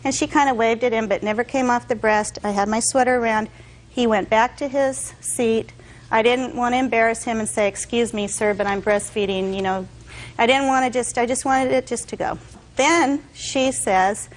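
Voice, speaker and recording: A woman testifying as a defendant, telling her story in an animated way and acting out what others said. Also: fairly high pitch, moderate pace, rough recording. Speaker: defendant in a courtroom show.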